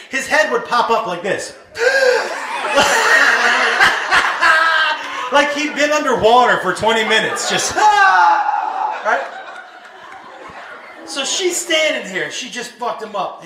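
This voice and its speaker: High voiced guy doing animated stand-up, shouting punchlines, echoey live room, crowd noise. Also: moderate pace, hardly any pauses. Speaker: stand-up comedian. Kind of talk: stand-up comedy storytelling. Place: live comedy venue. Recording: roomy live venue, heard from a distance. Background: audience laughter.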